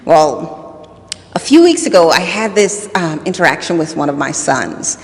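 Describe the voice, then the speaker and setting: A woman's voice: low-pitched, big pitch swings, a little slow. Earnest woman telling a story in a reverberant space. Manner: earnest storytelling with repeated phrases. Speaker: host. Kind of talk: motivational talk. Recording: long reverb.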